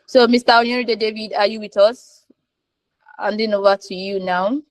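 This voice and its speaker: A woman's voice: medium pitch, steady tone, moderate pace, dry recording. A woman moderating an online graphic design class, speaking with hesitant fillers and repeated polite requests.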